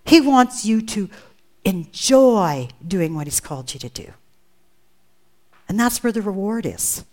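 A woman's voice: mid-range voice, lively intonation, a little slow, a little mellow. A woman preaching a sermon, earnest and emphatic, often asking rhetorical questions.

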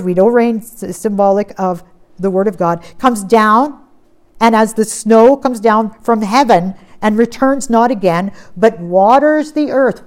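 A woman preaching a sermon, reading scripture aloud and pressing points with strong stress that drops to quiet, steady lines. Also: medium pitch. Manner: emphatic, swings from loud stress to quiet.

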